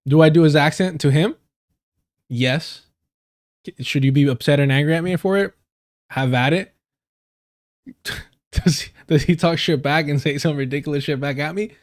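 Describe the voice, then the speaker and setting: A man's voice: fairly high pitch, moderate pace, long pauses. A man hosting a live stream, telling casual stories in a loose, rambling way, swearing freely and laughing often. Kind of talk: casual storytelling.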